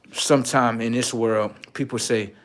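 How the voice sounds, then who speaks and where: Addressing viewers as "sir," a livestreamer delivers a casual monologue of frank, foul-mouthed relationship advice. He alternates between shouting bursts and low grumbles.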